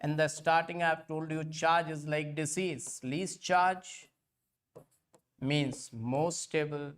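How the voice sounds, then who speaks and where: A man's voice: on the high side, steady tone, takes it slowly. A man teaching an online exam-prep lecture. He repeats points again and again and keeps calling his students kids.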